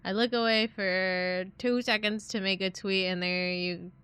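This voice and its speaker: Young woman, live streamer, casual rambling chat, giggly, unhurried delivery, crisp tone. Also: mid-range voice, steady tone, a bit bright.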